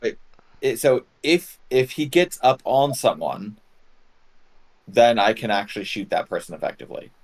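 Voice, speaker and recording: A man playing a tabletop game over chat, relaxed and wry. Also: medium pitch, moderate pace. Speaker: player.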